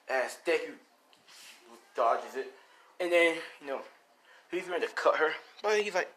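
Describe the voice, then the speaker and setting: A man's voice: a little high, expressive, a little slow, pauses often, sharp tone, a little hiss or hum, poor audio. A man casually telling a fan story, rambling, with lots of fillers and swearing.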